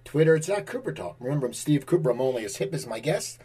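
Quick, husky-voiced podcast host. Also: male voice, medium pitch, expressive, warm tone. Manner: upbeat, rapid plugs. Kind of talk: interview sign-off.

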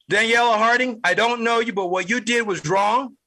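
A man's voice: very high voice, moderate pace, pushed and bright, poor audio. A man hosting a political podcast, delivering an angry, heated monologue and repeating lines for emphasis. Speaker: podcast host.

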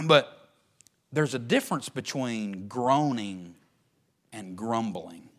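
A man preaching a sermon as pastor, swinging between loud emphatic lines and hushed ones. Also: medium pitch, expressive, slow.

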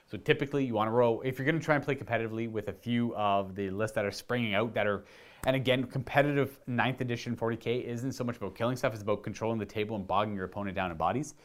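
A young man from Canada casually answering viewer questions about tabletop wargaming, chatty and rambling with enthusiasm. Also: fairly low pitch. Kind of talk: casual live Q&A chat.

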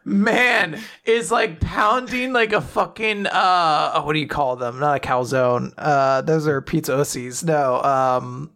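A man's voice: on the high side, a little slow, creaky, hardly any pauses, sharp tone. A young man co-hosting a casual comedy chat, profane and giggly, leaning into theatrical impressions. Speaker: podcast co-host.

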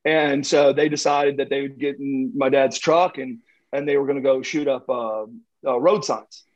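A man telling long, rambling anecdotes as a guest, halting with many fillers and restarts. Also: medium pitch, steady tone, muffled recording.

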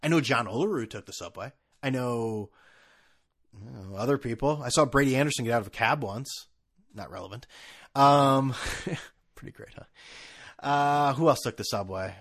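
A man's voice: mid-range voice, moderate pace, pauses often, a bit bright. A man hosting a podcast, ranting sarcastically with profanity, stammering restarts and laughs at his own jokes. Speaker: podcast host. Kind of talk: casual ranting monologue.

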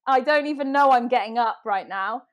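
A woman in her thirties, a podcast host, telling a story in a lively, laughing way. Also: on the high side, brisk, dull audio. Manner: animated, laughs often, acts out quotes. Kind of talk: casual storytelling chat.

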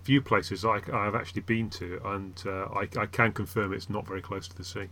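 Man, lowish voice, dry wit, stammering restarts, casual podcast chat. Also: steady tone, brisk, bright, forceful tone. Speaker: podcast panelist.

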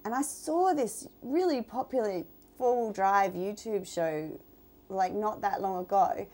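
A woman's voice: medium pitch, measured pace, darkish tone. A woman with an Australian accent, talking casually on a podcast and explaining things with plenty of fillers. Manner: chatty, explains with many fillers. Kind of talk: casual chat.

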